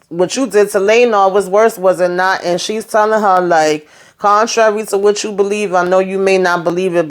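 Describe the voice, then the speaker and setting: Chatty sassy woman recapping a show. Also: on the low side. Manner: chatty, sassy asides, many fillers. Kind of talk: casual recap commentary.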